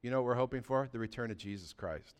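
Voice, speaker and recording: A man preaching a sermon as pastor, swinging between loud, excited bursts and quiet, low asides. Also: fast talker, smooth.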